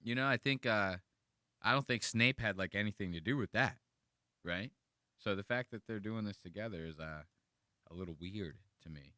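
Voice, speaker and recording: A man's voice: fairly low pitch, normal speed, sharp tone, no echo, clean studio sound. A man from the United States giving casual, rambling reaction commentary to videos, slangy and profane.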